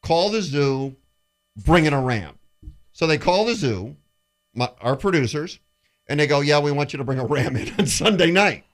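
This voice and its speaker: Animated man telling a story on radio. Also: a little high, moderate pace. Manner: animated storyteller, acts out quoted people. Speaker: sports radio co-host. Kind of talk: casual radio banter and storytelling.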